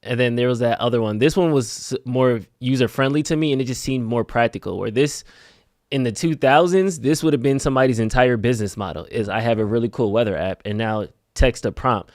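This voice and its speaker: A man's voice: medium pitch, brisk, a little mellow, dry recording, clean studio sound. A man co-hosting a live stream in casual chat, laid-back with frequent "like" fillers. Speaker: co-host.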